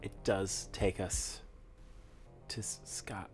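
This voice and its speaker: A man's voice: low-pitched, fairly even intonation, takes it slowly. A man co-hosting a let's play, chatting casually and teasing his friend. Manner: joking, teasing, playful. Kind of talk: casual gameplay chat.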